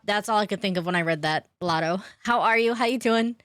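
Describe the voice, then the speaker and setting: Gaming live from her room at home, a woman chats with her audience, greeting people by name, laughing plenty and dropping casual swears. She talks fairly quickly at medium pitch with hardly any pauses, in a fairly bright tone. The recording is dry and studio quality.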